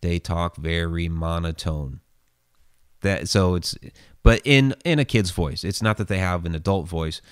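A man's voice: low voice, a little slow, clean tone, no room sound, clean studio sound. A man hosting a show and telling a story in loose, casual chat, full of fillers and restarts. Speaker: host reading viewer questions.

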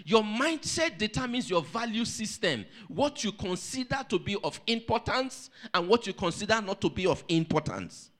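A male pastor preaching a sermon, telling a story with lively energy and putting questions to the congregation. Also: high-pitched, moderate pace, hardly any pauses.

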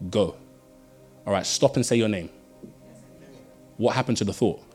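A man's voice: on the low side, moderate pace, darkish tone, faint music behind. A man, preaching a sermon, telling stories and driving points home with emphatic repeated phrases. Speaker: pastor.

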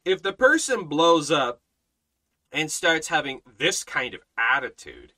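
A man leads a Bible study in the manner of a sermon. His voice is bright and forceful and sits a little high, and he hammers points home by repeating phrases and restarting his sentences. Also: very animated, unhurried, low-quality recording. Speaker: Bible teacher.

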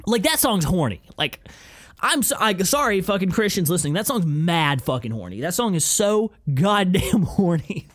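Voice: mid-range voice, sing-song, normal speed, a bit bright. Rambling, profane podcast host. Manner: rambling, profane, laughing often. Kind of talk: casual podcast chat.

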